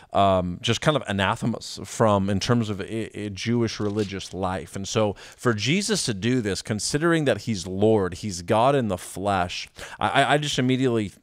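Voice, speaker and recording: A man co-hosting a casual Bible discussion podcast, reading scripture aloud and then explaining it haltingly with many pauses and restarts. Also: on the low side, no room sound. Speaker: podcast co-host.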